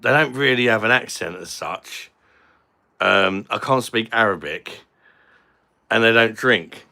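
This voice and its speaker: A man's voice: lowish voice, measured pace, vocal fry, bright, forceful tone. A young Englishman hosting a casual live stream, chatting and joking with viewers as he reads their comments. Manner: chatty and jokey, swears casually.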